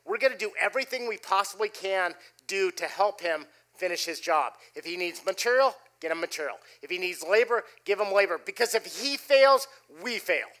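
Middle-aged pastor guy telling a story from the stage, high voice, bright and forceful. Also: moderate pace, hardly any pauses. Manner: animated storytelling, drops voice low for quoted lines. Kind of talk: sermon with personal story. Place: church stage before a congregation.

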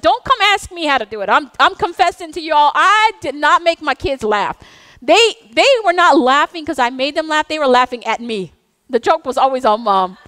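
A middle-aged woman pastor, preaching a sermon in an intense, animated way with playful asides. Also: high-pitched, dry recording. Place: church sanctuary.

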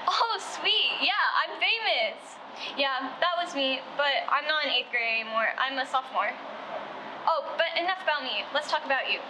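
A woman's voice: high voice, lively intonation, moderate pace, background noise. A young actress playing an outspoken, self-assured lesbian sophomore girl who teases bluntly. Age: teens.

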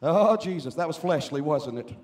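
A man preaching a sermon as pastor in a church, swinging between quiet asides and loud, emphatic outbursts. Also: a little high, lively intonation, normal speed. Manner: preaching with rising, shouted emphasis. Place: church sanctuary.

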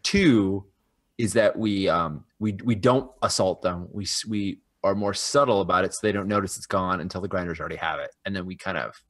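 A man's voice: deep voice, a little fast, no echo. A man playing a tabletop role-playing game, laying out plan options step by step in casual chat. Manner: methodical, lays out options step by step.

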